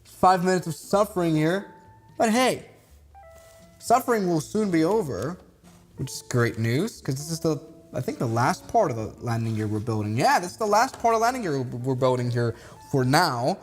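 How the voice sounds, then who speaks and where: A man's voice: fairly high pitch, animated, moderate pace. A young man with a Swiss accent chatting casually to viewers on a live stream while struggling to build a model kit, self-mocking and exasperated.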